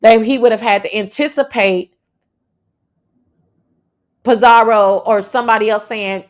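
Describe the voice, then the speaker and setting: Woman livestream host, higher-pitched, animated, swears casually, reads out chat. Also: fairly quick. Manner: animated, blunt, swears freely, drawls "child" and "y'all". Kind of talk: casual live commentary, reading chat.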